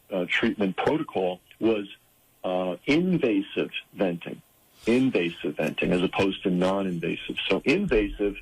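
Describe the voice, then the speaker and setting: A man speaking as an interview guest, earnest and halting, with frequent fillers and restarts. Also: lowish voice, breathy edge, rough recording. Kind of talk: conversational interview.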